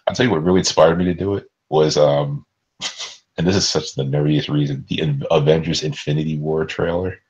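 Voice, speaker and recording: With an extremely low, steady, somewhat dark voice, a young podcast co-host talks briskly. The chat is casual and laid-back, full of rambling, jokes, and frequent restarts, all captured in dull lo-fi audio.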